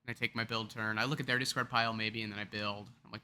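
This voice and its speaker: A man's voice: on the low side, level tone, quick pace, hardly any pauses, bright, forceful tone, slight background noise. A man explaining a card game topic in a chatty, rambling, self-deprecating way, now and then acting out scenarios. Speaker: card game video creator.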